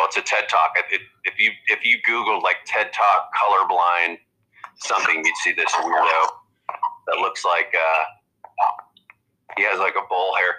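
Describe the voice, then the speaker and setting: A man's voice: low voice, sharp tone, low-quality recording. A man who is a guest comedian, chatting casually on a podcast and rambling with lots of restarts. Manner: rambling, halting with many restarts.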